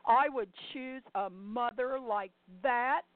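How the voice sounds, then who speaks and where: A woman's voice: on the high side, slow, no room sound, pitched above the performer's own voice. A woman voicing a furious Brooklyn woman. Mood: outraged. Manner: blunt, outraged and profane. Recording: dry, tinny phone-like sound.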